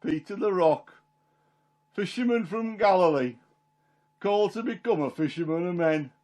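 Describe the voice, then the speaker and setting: A Christian storyteller performs in character as Peter the fisherman, a man delivering a first-person monologue in a plain-spoken, chatty way. His voice is high-pitched, expressive and a little mellow, at a normal speed, and he sounds excited. The delivery has a homely, dialect-flavored storytelling quality, plain and conversational.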